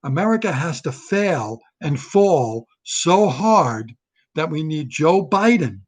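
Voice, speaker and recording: A man's voice: a little high, big pitch swings, takes it slowly. A man doing a solo political comedy rant, blunt and repetitive, restarting phrases as he riffs.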